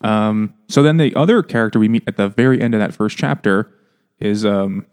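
A man's voice: lowish voice, fairly quick, a little mellow, clean tone. A man co-hosting a book podcast, chatting casually and joking, with lots of "like" fillers. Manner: joking, rambling, many "like" fillers. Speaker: podcast co-host. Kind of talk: casual chat.

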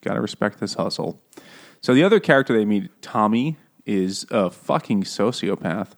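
A man's voice: lowish voice, lively intonation, moderate pace, creaky. A man in casual podcast chat, laughing often, swearing and mimicking characters in goofy voices. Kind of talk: casual chat about a book and film.

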